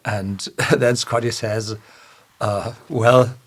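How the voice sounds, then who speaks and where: Husky man, unhurried, halting whisky reviewer retelling a scene. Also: medium pitch. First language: German. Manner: hesitant, many uh fillers and self-corrections, chuckles often. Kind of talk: casual retelling of a film scene.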